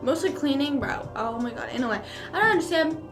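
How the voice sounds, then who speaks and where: A woman's voice: high-pitched, animated, brisk. Chatty young woman, music behind. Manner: rambling, filler-heavy, chewing while talking. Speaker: streamer. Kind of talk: casual mukbang chat.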